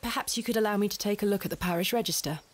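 A woman's voice: medium pitch, very fast, natural voice. An actress playing a prim, persistent young lady in a narrative game, with an inquisitive manner. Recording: background noise audible.

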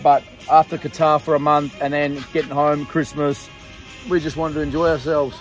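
Faint music runs behind a fairly high, flat voice at normal speed. It's an Australian vlogger in his thirties at a campsite after dark, filming with friends in a casual way and constantly teasing, joking and laughing.

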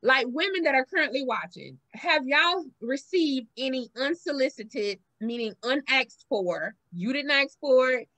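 A woman's voice: unhurried, few pauses. A woman with a Southern accent hosting a podcast, telling stories in casual chat and acting out the quotes. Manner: animated storytelling, acts out quotes with big pitch jumps. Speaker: podcast host.

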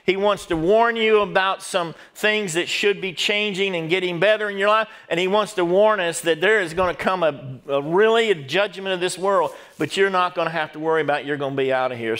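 High-pitched pastor preaching. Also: male voice, a little fast, few pauses, a bit bright. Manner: preaching with call-and-response to the congregation. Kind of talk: sermon.

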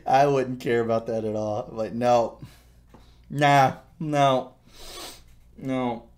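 A man co-hosting a podcast, telling a story in animated, profane casual chat. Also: mid-range voice, measured pace. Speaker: podcast co-host.

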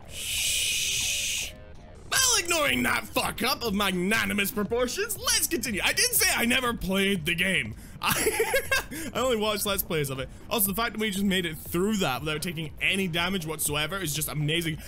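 A young man doing lively Let's Play commentary, excitable and swearing as he plays. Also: high voice. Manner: excitable, swearing, laughing, silly asides. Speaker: gaming YouTuber.

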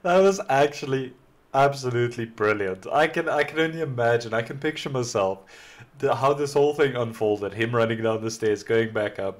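A man hosting a reaction video, giving enthusiastic, rambling commentary and often repeating himself. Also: medium pitch. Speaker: reaction channel host.

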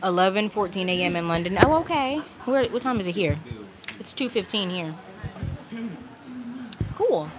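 A woman's voice: medium pitch, animated, normal speed, long pauses. A woman livestreaming from an outdoor restaurant patio, chatting casually and rambling, a little out of breath, speaking into a handheld phone mic. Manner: chatty, rambling, laughs often. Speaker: vlogger. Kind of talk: casual live-stream chat. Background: crowd of people.

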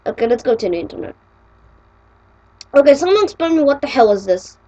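A woman narrating her own homemade cartoon video, excitable and quick to complain. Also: sits high, lo-fi sound. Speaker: channel creator.

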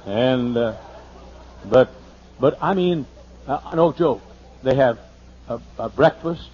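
A man pastor telling a humorous, folksy story during a sermon, slowing down to list items one by one. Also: mid-range voice, darkish tone, a little hiss or hum. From United States. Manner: folksy and humorous, lists things slowly. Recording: muffled older sermon tape.

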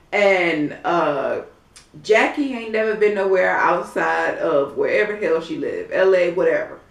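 A woman recapping a reality show in a sassy, blunt, casual way, swearing freely. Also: medium pitch. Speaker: TV recap vlogger. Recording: roomy echo, distant mic.

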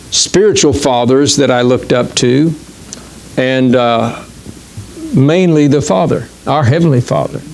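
Male pastor, sermon, gravelly voice, halting conversational delivery, faint background hiss. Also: medium pitch. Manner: conversational, halting with many fillers and restarts. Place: church.

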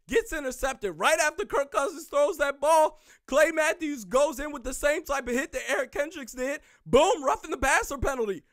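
A man hosting a sports podcast, ranting sarcastically about rival fans and referee calls, now and then shouting. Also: very high voice, no room sound, clean studio sound.

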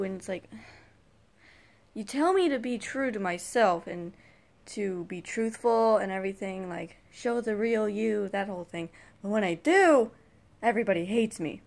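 A woman's voice: mid-range voice, expressive, moderate pace, gravelly, darkish tone. A teenage girl vlogging a casual rant to camera, rambling and sighing as she complains. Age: teens. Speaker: YouTube vlogger.

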